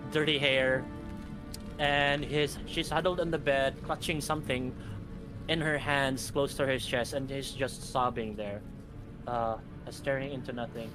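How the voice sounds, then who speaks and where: A man running a tabletop game as game master, describing scenes in a hesitant way full of fillers and restarts. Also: medium pitch. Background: background music.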